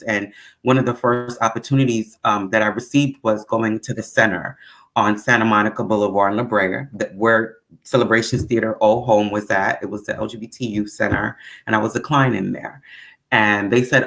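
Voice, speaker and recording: A woman with a Brooklyn accent telling stories as a guest, animated and full of acted-out quotes. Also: normal speed. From Brooklyn, New York. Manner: animated storyteller, acts out quotes with big pitch swings. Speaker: guest actor. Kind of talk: casual storytelling interview.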